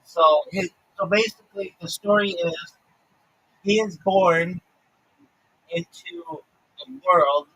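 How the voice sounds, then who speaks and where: A man on a livestream rants to viewers in loose, profane chat. His voice is raspy and pushed hard, with a tense, forceful edge, and sits a little higher than most men's. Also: dry recording, poor audio. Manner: profane, ranting.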